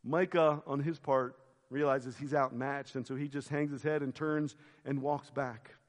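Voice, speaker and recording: A man preaching a sermon as pastor, retelling a story with expressive quoted voices and quiet reflective turns. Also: medium pitch, unhurried, in a large hall. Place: church sanctuary.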